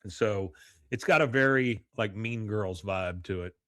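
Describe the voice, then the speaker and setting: A podcast host with a fairly low voice speaks at a measured pace in clean studio sound with no room echo. Chatting casually, he retells a cartoon episode scene by scene in an animated way, reading out quotes and laughing.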